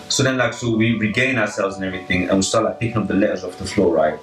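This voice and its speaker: A man's voice: fairly low pitch, fast, hardly any pauses. A young man, casually telling a story on a podcast, piling on filler words and checking in with "right?". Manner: animated, filler-heavy, full of "like" and "right?". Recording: echoey room, slightly distant, faint music.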